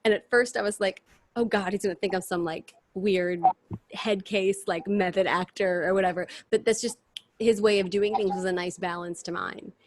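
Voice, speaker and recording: A woman's voice: medium pitch, moderate pace. Chatty woman telling stories. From New York City. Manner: chatty, animated storytelling with fillers and restarts. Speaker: interview guest. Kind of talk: casual chat. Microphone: video call.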